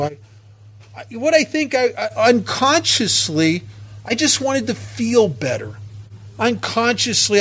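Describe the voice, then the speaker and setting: A man telling his own recovery story in a halting way, often repeating words as he restarts, with a wry sense of humor. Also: high voice. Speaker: speaker sharing a recovery story. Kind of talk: personal testimony talk.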